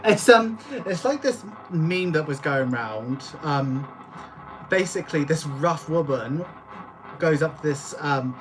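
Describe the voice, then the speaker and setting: A woman's voice: low voice, animated, measured pace. Giggly, rambling young woman. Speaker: budgeting vlogger. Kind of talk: casual chat while doing a craft task.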